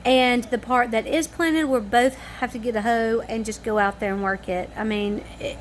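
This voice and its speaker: A woman's voice: fairly high pitch, steady tone, moderate pace, few pauses, slight background noise. A tired woman chatting casually to camera at home in the evening, rambling in a homespun way. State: tired and yawning. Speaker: family vlogger.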